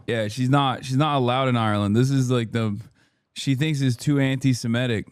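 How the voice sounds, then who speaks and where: A man's voice: mid-range voice, fairly even intonation, brisk, smooth, no room sound, studio quality. A man in his thirties hosting a stream, giving casual reaction commentary as a profane, joking rant. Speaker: streamer host.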